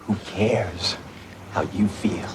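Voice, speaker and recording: An actor playing a grieving father who confronts the man he blames for his son's death, bitter and threatening, in a television drama. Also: slow pace. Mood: seething rage. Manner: bitter, seething, low threatening delivery. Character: grieving furious father, middle-aged man. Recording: noisy old TV clip audio.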